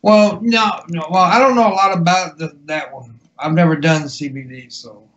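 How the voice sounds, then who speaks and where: A man's voice: fairly high pitch, normal speed, fairly bright tone. A man on a podcast panel, chatting casually and throwing in joking remarks. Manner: joking interjections. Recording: dull, lo-fi remote audio.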